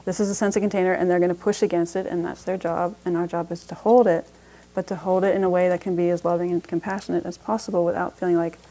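A woman's voice: lowish voice, little pitch movement, quick pace, dark tone. A woman teaching a parenting class as a meditation teacher, talking conversationally with frequent restarts and light laughs.

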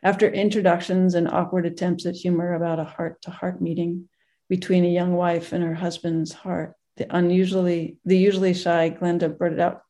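A group teacher reading a moving story aloud in a gentle way, with pauses and restarts. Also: mid-range voice, level tone.

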